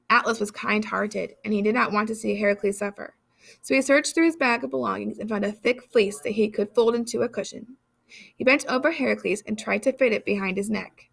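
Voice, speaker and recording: A woman reading literary passages aloud in a measured, expressive way. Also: medium pitch, gravelly. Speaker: reader.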